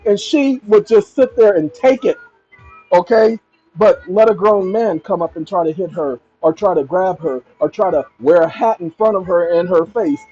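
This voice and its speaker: Emphatic high-voiced man, lo-fi sound. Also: dark tone, breathy edge. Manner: emphatic, addresses viewers directly. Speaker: commentary channel host. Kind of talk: reading news and reacting.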